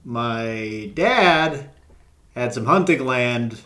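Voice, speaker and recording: A man's voice: medium pitch, lively intonation, very slow, sharp tone. A man co-hosting a casual podcast, telling anecdotes with frequent hesitations and fillers. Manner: hesitant, many fillers, storytelling. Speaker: podcast co-host.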